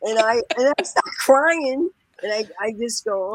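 A woman's voice: on the high side, expressive, measured pace, poor audio. A woman telling a long personal story in casual conversation, laughing often and quoting people, with many fillers and restarts. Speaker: guest.

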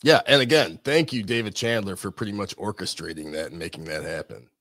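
A man co-hosting a comedy stream, making dry, low-key remarks. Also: fairly quick, a bit bright, no room sound. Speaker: co-host. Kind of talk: casual comedy banter.

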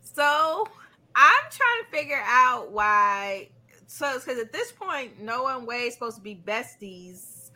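A woman in a casual podcast chat who keeps asking incredulous, rhetorical questions. She speaks slowly, and her pitch moves a lot. Her voice is bright and a little high. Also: sing-song. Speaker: podcast co-host.

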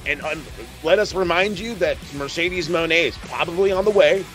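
A man's voice: a little high, normal speed, fairly bright tone, soft background music. A man hosting a podcast, recapping wrestling in casual, profane, rambling chat. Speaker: podcast host.

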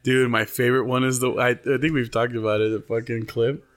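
A man's voice: mid-range voice, level tone, fairly quick, no room sound. A man co-hosting a casual podcast, swearing freely and laughing as he acts out quotes. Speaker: podcast co-host.

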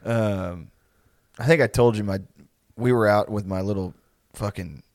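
A man's voice: lowish voice, measured pace, a little mellow, dry recording, studio quality. A young man telling stories in casual chat, rambling, swearing and laughing often.

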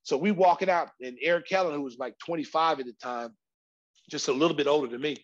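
A middle-aged man telling an animated, slangy story as a guest, acting out voices and sometimes shouting. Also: fairly high pitch, fast, lo-fi sound.

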